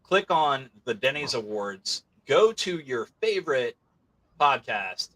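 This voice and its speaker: A man's voice: medium pitch, sing-song, takes it slowly, sharp tone. A man co-hosting a podcast, chatting casually and laughing often. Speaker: podcast co-host.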